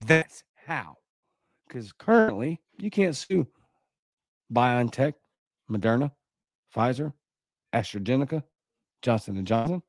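A man's voice: sing-song, measured pace, long pauses, no echo. Man ranting heatedly on his show. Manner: heated and sarcastic, pitch jumping high when outraged; blunt, insulting. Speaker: host of a political commentary show. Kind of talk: ranting commentary.

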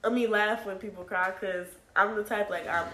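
A woman in a casual group chat, soft and hesitant, laughing a little as she answers. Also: medium pitch, fairly even intonation, fairly quick, reverberant.

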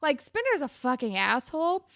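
A woman's voice: high voice, very animated, moderate pace, gravelly, a bit bright, dry recording, studio quality. A young woman co-hosting a podcast, telling chatty, self-mocking stories while recapping a show. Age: young adult. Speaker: podcast co-host. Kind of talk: casual recap chat.

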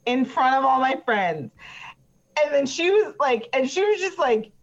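A woman's voice: high voice, sing-song, measured pace, full character voice. Woman playing a rambling, indignant witness. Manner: rambling, full of fillers, defensive and indignant. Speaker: player voicing a trial witness. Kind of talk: improvised tabletop role-play. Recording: dull lo-fi recording.

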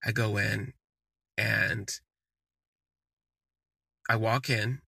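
A man tells a candid story from his own life in a casual, conversational way. His voice is gravelly, bright and a little husky. The recording is dry and close to the mic. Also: fairly low pitch, steady tone, extremely slow, dry recording. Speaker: podcast host.

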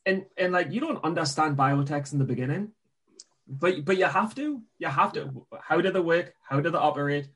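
Man, slightly high voice, casual emphatic podcast talk, trading coach. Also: normal speed, fairly bright tone, slightly rough. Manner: emphatic, repetitive, rambling.

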